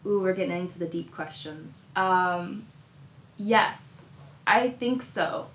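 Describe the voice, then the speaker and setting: Young woman from Colorado, bubbly and giggly, low-pitched for her age, roomy echo with faint background hum. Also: takes it slowly, fairly bright tone. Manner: bubbly, giggly, lots of fillers. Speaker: musician answering fan questions. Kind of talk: casual chat. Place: hotel room.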